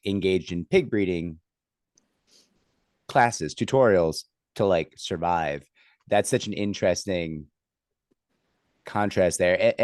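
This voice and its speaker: Very low-voiced man in casual chat. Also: a little mellow, dry recording, clean studio sound. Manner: rambling, many fillers and restarts; acts out others' lines when telling a story.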